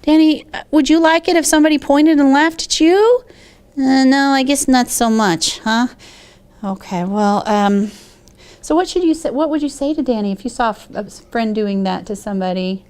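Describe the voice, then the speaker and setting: A woman's voice: high voice, brisk, darkish tone. A woman hosting a children's TV show as a teacher, coaxing the kids with questions.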